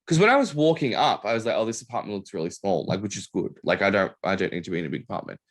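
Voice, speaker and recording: A man hosting a podcast, telling a story in casual chat with animated delivery. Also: rapid-fire. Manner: animated storytelling, lively pitch swings. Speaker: podcast host.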